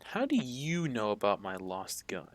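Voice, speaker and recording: A man streaming a game, animated and joking as he reacts aloud to what happens. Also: on the low side, unhurried.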